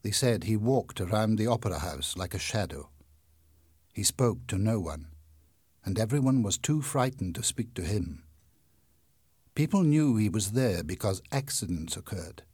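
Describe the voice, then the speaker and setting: A man narrates a classic novel as an audiobook in a measured, unhurried storytelling manner. His voice is low with a husky grain. The recording is dry and close, with no room sound. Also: expressive, darkish tone, no echo. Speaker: audiobook reader. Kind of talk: scripted narration.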